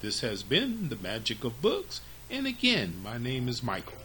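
A man hosting a storytelling podcast, reading fables to children with very expressive, lively narration. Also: medium pitch, normal speed, faint music behind, low-quality recording.

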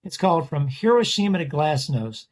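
A man who works as a portrait artist talks casually in an interview, his stories drifting and full of restarts and self-corrections. His fairly high voice swings widely in pitch, and he speaks at a normal speed.

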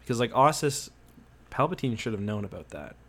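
A man's voice: medium pitch, very animated, fairly quick, fairly bright tone. Casual rambling young-sounding man. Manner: rambling, hesitant with frequent ums and likes. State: slightly sick voice. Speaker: podcast co-host. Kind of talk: casual chat.

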